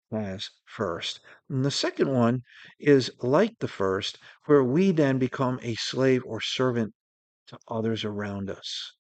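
A male preacher delivers a sermon in an earnest, steady voice. He slows right down on the words he wants to land. His mid-range voice sounds dry and close, with no room echo. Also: mid-range voice.

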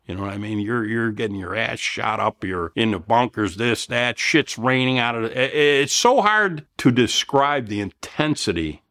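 A man talks in a fairly low voice. He tells his stories bluntly and rambles, swearing often and starting his sentences over. The tone is casual, like an old veteran chatting. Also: pushed and bright. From Elmhurst, Illinois. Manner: blunt, profane, rambling with restarts. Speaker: guest, Vietnam veteran. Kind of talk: casual storytelling.

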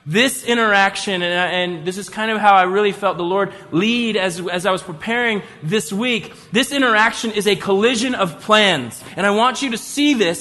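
A man preaching a sermon in an animated way, acting out the people in his story. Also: sits high. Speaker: pastor. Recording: long hall reverb.

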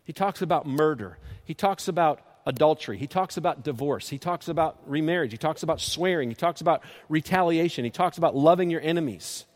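A man preaching a sermon as pastor, impassioned, swinging from loud peaks to soft, low appeals, often repeating and restarting words. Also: brisk, few pauses.

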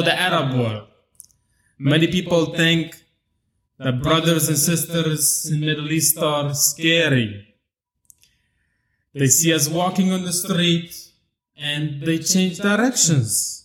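A man's voice: fairly high pitch, a bit bright, echoey room. A man voicing an earnest Middle Eastern podcast host with a put-on Arabic accent, drawing his words out formally.

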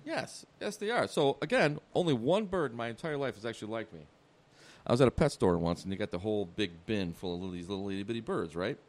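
A man's voice: on the low side, lively intonation, fast talker. A man co-hosting a casual podcast, telling profane stories and often breaking into laughter. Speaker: podcast co-host. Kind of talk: casual storytelling.

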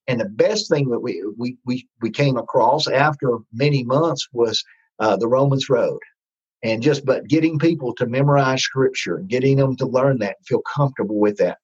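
Husky man telling his testimony. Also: medium pitch, moderate pace, darkish tone, dull audio. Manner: rambling, with many restarts and fillers. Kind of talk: storytelling testimony.

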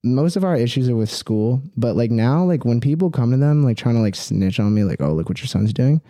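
A man's voice: mid-range voice, lively intonation, fairly quick, mellow, dry recording, studio quality. A young man chatting casually as a podcast guest, rambling with lots of "like" and "dude". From Philippine heritage.

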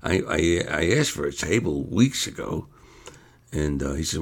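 An older man with a New York accent telling stories about his comedy career in a casual, animated way, acting out the voices of people he quotes and laughing along. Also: rumbling low, normal speed, vocal fry, breathy edge. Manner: animated storyteller, acts out quotes, laughs often. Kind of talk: casual storytelling monologue.

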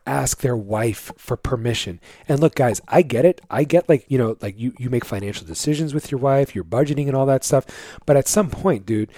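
Fitness coach guy talking straight to camera, blunt and a bit exasperated, warm dark voice, dry sound. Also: medium pitch, dry recording. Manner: blunt, exasperated, lecturing with many fillers. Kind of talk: casual monologue to viewers.

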